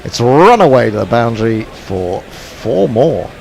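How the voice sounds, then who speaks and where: A man doing relaxed ball-by-ball cricket commentary on an internet radio stream, chatty and dry, with plenty of fillers. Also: mid-range voice, a little slow, gravelly. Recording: faint background noise.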